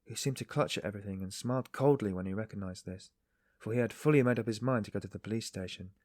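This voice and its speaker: Male narrator, measured reading, deep-ish tone. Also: darkish tone, dry recording, clean studio sound. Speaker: audiobook narrator. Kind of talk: scripted narration.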